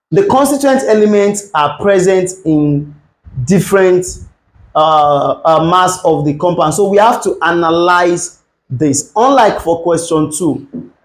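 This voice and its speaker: A man's voice: on the high side, low-quality recording. A man teaching an exam-prep chemistry lesson, working through calculations step by step and repeating key points. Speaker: chemistry tutor.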